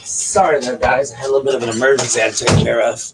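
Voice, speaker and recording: A man's voice: mid-range voice, fairly even intonation, very fast, very noisy. A man, rambling and chatting with viewers on a casual live stream from his bedroom. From South Carolina, USA. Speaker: vlogger. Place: home bedroom at night.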